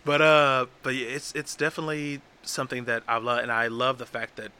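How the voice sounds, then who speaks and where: Earnest bright-voiced man in casual talk. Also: mid-range voice, little pitch movement, a little hiss or hum. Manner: earnest, halting restarts. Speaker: guest. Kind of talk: casual podcast conversation.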